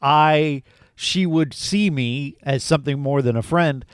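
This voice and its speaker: A man's voice: on the high side, unhurried, clear, resonant tone, no echo. Guy on a podcast rambling happily about a movie, dry sound. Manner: enthusiastic, rambling with fillers. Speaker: podcast co-host. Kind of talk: casual movie review chat.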